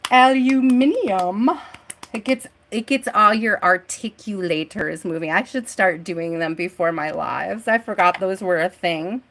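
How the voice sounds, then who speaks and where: A woman tarot reader talking on a live stream at a slow, relaxed pace. Her chat is loose and friendly and broken up by frequent laughter. She greets her viewers one by one as she builds a list. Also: fairly low pitch, vocal fry.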